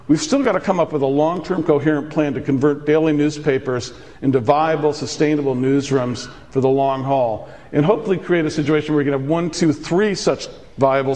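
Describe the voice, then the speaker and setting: A man's voice: a little high, darkish tone. A middle-aged man giving an impassioned, emphatic university lecture and answering audience questions. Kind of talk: public lecture with Q&A. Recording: reverberant hall.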